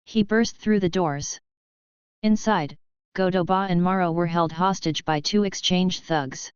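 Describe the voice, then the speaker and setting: Lowish, crisp woman narrating a story. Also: a little slow, no room sound. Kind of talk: storybook narration of fan fiction. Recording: slightly dull, dry sound.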